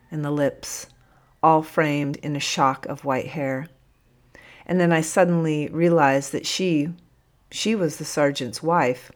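A woman narrating a first-person story in a measured, reflective reading. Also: low voice.

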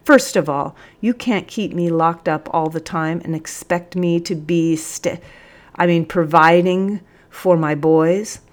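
A woman voicing a burly, blustering man who stammers and argues loudly in a storybook reading. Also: on the low side, slow. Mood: defiant.

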